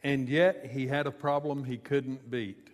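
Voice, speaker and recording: A man's voice: medium pitch, fairly even intonation, a little slow, long reverb tail. A man preaching a sermon, retelling a scripture story in a conversational way with casual asides. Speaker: pastor.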